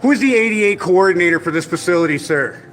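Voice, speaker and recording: A man's voice: high-pitched, animated, fast, fairly bright tone, slight background noise. A man confronting officials on camera, formally polite yet insistent and sarcastic, repeating 'sir' and 'ma'am'. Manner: sarcastic, needling. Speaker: activist filming an encounter with officials. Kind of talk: confrontational filmed exchange.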